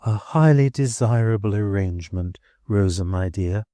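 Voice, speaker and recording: A man's voice: lowish voice, dark tone, no echo, close to an everyday voice. A man voicing a prim, genteel older schoolmistress who speaks formally and stiffly. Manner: formal, measured, stiffly polite.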